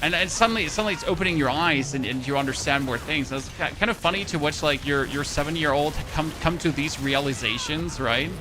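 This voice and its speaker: A man with a German accent rambles through casual stream chatter, swearing now and then and laughing at his own jokes. His voice sits a little on the high side. A steady layer of background noise runs under him. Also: brisk, hardly any pauses. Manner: rambling, talks to chat, swears, laughs at himself. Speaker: game streamer. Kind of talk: casual live-stream chat.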